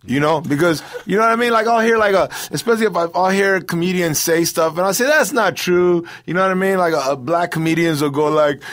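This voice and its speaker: A man's voice: high-pitched, fast talker, few pauses, a bit bright. A middle-aged man, a comedian, telling stories in a loose, rambling way, full of "bro" and "you know". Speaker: comedian guest. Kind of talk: casual storytelling interview.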